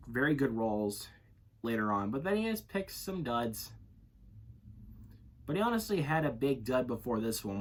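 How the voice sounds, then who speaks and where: A man's voice: medium pitch, husky. A man giving a casual, unscripted movie review, rambling and correcting himself as he goes. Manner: rambling, self-correcting, leans on filler phrases.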